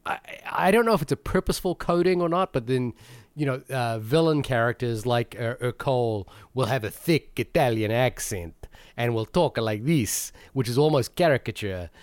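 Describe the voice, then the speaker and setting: A man's voice: mid-range voice, expressive, normal speed, no room sound. A man co-hosting a film podcast, talking through his points at length with many restarts and fillers. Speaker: podcast co-host. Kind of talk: casual film discussion.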